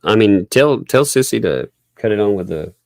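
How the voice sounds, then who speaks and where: Low gravelly man. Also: lively intonation, normal speed, no room sound. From Oklahoma. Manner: rambling, chuckles often, thanks viewers. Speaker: livestream host. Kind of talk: casual live stream chat.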